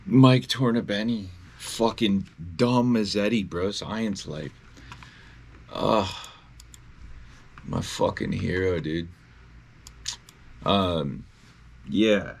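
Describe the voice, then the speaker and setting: Young guy w a low voice, cussing nonstop, drawling slow. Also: vocal fry. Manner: blunt and heavily profane. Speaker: independent musician. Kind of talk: casual video diary. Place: at home.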